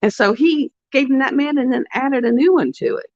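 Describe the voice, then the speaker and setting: A woman livestream host chats casually with her viewers, telling rambling, heartfelt stories in a high-pitched, slightly quick voice. There's no echo, and the recording has a dull, dry lo-fi quality.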